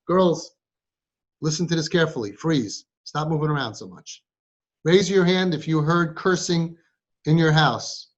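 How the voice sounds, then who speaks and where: A man's voice: fairly high pitch, a little slow. A man giving a motivational talk to a group of girls, quizzing them with rhetorical questions and emphatic repeats. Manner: emphatic repetition, teasing. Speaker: speaker addressing a group of girls. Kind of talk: motivational talk to a live audience. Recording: dull lo-fi recording.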